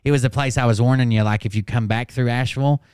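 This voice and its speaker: A man's voice: medium pitch, steady tone, fast, darkish tone, clear, resonant tone, dry recording, studio quality. A man hosting a live stream, chatting casually and rambling with lots of fillers. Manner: rambling, filler-heavy, offhand.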